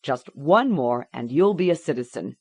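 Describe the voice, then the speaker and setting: A woman voicing a detached uncle who offers flat, reluctant reassurance. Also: a bass voice, moderate pace, breathy edge, full character voice. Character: detached middle-aged uncle, narrator in the story.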